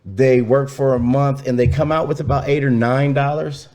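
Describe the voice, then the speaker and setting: A man hosting a relaxed radio show, talking in a loose, easygoing way. He jokes with his co-hosts and breaks into laughter often. His voice sits at an ordinary middle pitch. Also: normal speed. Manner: laid-back, joking, laughs often. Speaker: show host. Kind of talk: casual radio show chat.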